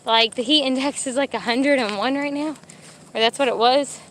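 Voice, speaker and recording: A woman's voice: high voice, moderate pace, fairly bright tone, a little hiss or hum. Chatty pregnant woman at a dog park. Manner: chatty, says "like" a lot, commands dogs. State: pregnant and out of breath in the heat. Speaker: vlogger with service dogs. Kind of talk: casual live-stream chat.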